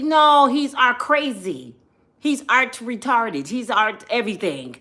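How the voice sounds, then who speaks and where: A woman with a high voice that swoops up and down constantly, telling a comedic story on her vlog. Her talk is slangy and full of jokes and laughs. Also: measured pace. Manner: animated, slangy, laughing, joking. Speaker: vlogger.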